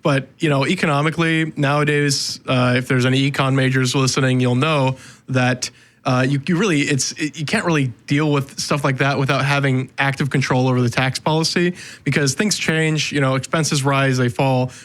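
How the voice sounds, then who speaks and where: A man's voice: mid-range voice, steady tone, normal speed, a bit bright. A man co-hosting a casual history podcast, explaining points thoughtfully with restarts and hedges. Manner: thoughtful, hedging explainer with restarts and "you know". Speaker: podcast co-host.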